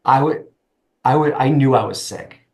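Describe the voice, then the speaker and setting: A middle-aged man, a guest in an interview, speaking earnestly with halting restarts. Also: medium pitch, vocal fry, a little mellow. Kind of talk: conversational interview.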